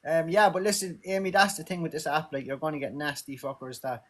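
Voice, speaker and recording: A man's voice: fairly high pitch, steady tone, fast, a bit bright. A man chatting casually on a phone livestream, urging viewers to send gifts. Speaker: co-streamer.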